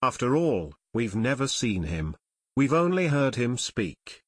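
A man's voice: mid-range voice, very animated, measured pace, dry recording, studio quality. A man voicing an eager teen boy detective. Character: eager teenage boy detective, older brother.

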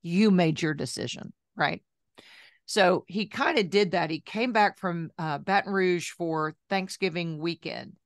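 Woman in her 60s, lowish voice, chatty storyteller w/ lots of asides, dry close sound. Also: unhurried, dry recording. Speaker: guest, journalist and health coach. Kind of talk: casual storytelling interview.

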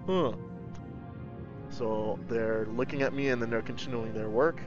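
Excitable goofy man streaming a game. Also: medium pitch, unhurried, lo-fi sound, over music. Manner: excitable, goofy, thinks aloud. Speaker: livestream host. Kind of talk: casual VR game commentary.

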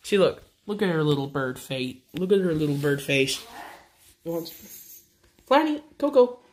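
Pet vlogger, baby talk to birds, sing-song coaxing, home by birdcages, mid pitch. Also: a little slow.

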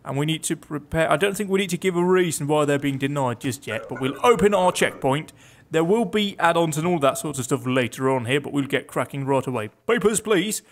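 A man's voice: fairly high pitch, brisk. Chatty man playing a game. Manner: chatty and joking, talking to himself while playing. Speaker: gaming video host. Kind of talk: casual let's-play commentary.

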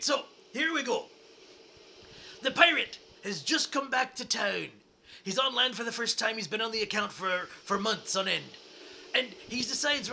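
A man's voice: sits high, vocal fry, sharp tone, a little hiss or hum. A man hosting his own show, telling a joke in a hammy pretend-pirate voice and chuckling along. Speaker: podcast host.

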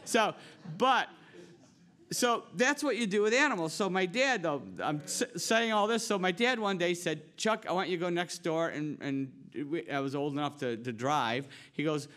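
A male pastor telling a rambling, animated story in his sermon, full of restarts and asides. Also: sits high, moderate pace. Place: church sanctuary.

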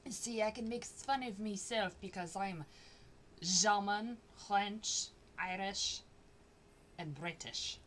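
A woman's voice: mid-range voice, slow pace, fairly bright tone, a little hiss or hum. A woman hosting a casual stream from her home, joking and teasing in a playful way. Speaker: streamer and host. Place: home room, noise from upstairs.

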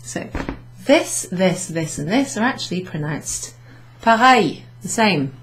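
A woman teaching a beginners' French class, explaining slowly and patiently with many ums and repeated French words. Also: fairly low pitch, expressive, low-quality recording. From United Kingdom. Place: pub function room, recorded lesson.

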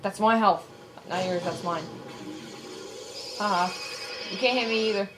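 A woman giving casual, excitable commentary over her own gameplay, yelping, shouting and swearing at the screen. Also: medium pitch, a little slow, background noise. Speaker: let's play gamer.

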